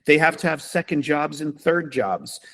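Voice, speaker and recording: A man's voice: a little high, expressive, normal speed, gravelly, fairly bright tone. A man, a podcast guest, speaking emphatically and passionately in a conversational interview, with repeated rhetorical questions.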